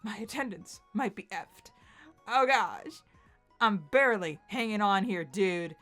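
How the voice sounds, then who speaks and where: A woman's voice: mid-range voice, expressive, a little slow, fairly bright tone, soft background music. Woman doing a fretful, melodramatic young guy. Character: anxious, dramatic young male friend. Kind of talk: dramatic webcomic read-aloud.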